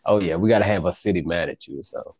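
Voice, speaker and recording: A man hosting a casual chat, joking and teasing in a slangy, expressive way. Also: sits low, fast talker, no echo, muffled recording.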